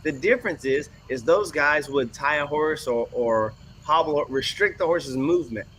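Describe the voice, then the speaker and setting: A man who trains horses, commenting on student videos in a folksy, animated way. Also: a little high, moderate pace, slight background noise. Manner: folksy, animated, puts on voices for quoted people and horses.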